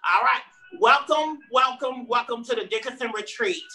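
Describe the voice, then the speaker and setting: A woman with a high-leaning voice speaks at normal speed, sounding pushed and bright on a rough recording. As emcee of a live-streamed show, she welcomes everyone, introduces the performers, and trades playful, sassy banter with the crowd.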